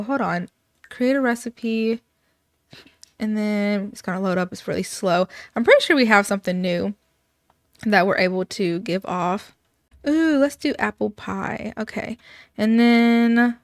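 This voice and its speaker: A woman's voice: on the high side, dry recording, clean studio sound. A woman casually commentating a life sim let's play in a chatty, upbeat way. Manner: chatty, upbeat, many fillers.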